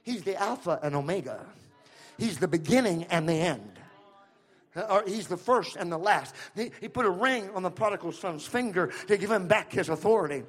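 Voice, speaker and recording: A male pastor from Central California preaching a sermon, calling out to the room and repeating his lines as he builds to shouts. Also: sits high, expressive, moderate pace. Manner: calls to the room and repeats himself.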